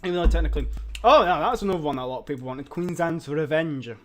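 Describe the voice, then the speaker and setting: A young man streaming a mobile game, swearing and ranting, dropping to mumbles and then shouting. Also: on the high side, fast, faint music behind. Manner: foul-mouthed, ranting, swings between mumbling and yelling. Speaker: gaming streamer. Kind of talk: casual live-stream commentary.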